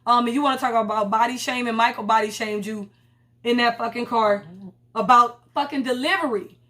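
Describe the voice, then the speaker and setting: A woman's voice: a little high, a little fast, sharp tone. A young woman reviewing a reality TV episode in a blunt, profane, slangy casual chat. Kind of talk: casual commentary vlog.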